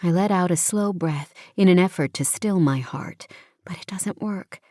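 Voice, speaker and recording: A woman reads a first-person romance audiobook in an intimate, expressive way. Her voice sits very low for a woman, and the dry, close recording carries no room sound. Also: moderate pace, no room sound. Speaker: audiobook narrator.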